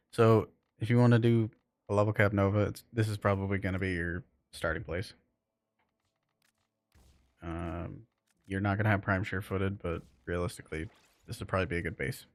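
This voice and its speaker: Male streamer, lowish voice, dry close sound, loose rambling chat with viewers. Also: flat delivery, moderate pace, long pauses, dry recording. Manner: loose, rambling, lots of fillers. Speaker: game streamer.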